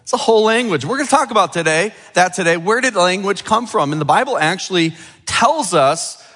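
A man's voice: high voice, expressive, a little fast, bright, forceful tone, in a large hall. A middle-aged male pastor giving a sermon with a children's object lesson, chatty and full of questions to the room. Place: church sanctuary.

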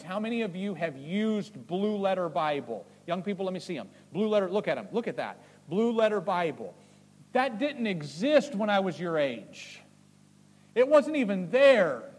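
A man preaching a sermon as pastor, animated and jokey, with voiced asides. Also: high-pitched, husky, big-room sound.

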